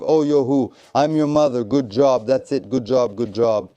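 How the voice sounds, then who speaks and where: Man coaching a first aid drill, dark voice. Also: mid-range voice, moderate pace, hardly any pauses, no echo. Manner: coaching, repetitive encouragement. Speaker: military tactical medicine instructor. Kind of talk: hands-on first aid training instruction.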